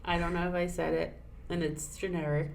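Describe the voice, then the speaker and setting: A woman's voice: fairly low pitch, little pitch movement, a little fast, vocal fry. Supportive woman podcast co-host, faint hiss. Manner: emotional, supportive. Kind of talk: casual chat.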